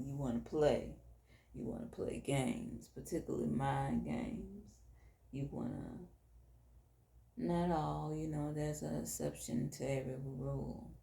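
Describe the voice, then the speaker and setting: A woman host with a Southern US accent, speaking frankly and deliberately, addressing men directly. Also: rumbling low, fairly even intonation, gravelly, mellow, echoey room. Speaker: podcast host. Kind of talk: frank monologue on faith and relationships.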